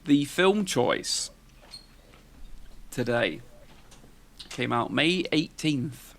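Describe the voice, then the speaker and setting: A man's voice: medium pitch, animated, very slow, gravelly, fairly bright tone, slight background noise. A man, hosting a podcast in casual, rambling chat and tossing questions to his co-host. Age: 40s.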